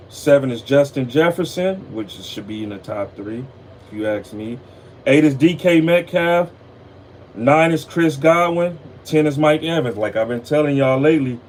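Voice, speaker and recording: A man's voice: medium pitch, darkish tone. A man hosting a casual football talk show, laid-back and tired, loose and profane, with a faint air conditioning hum behind him. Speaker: sports podcast host.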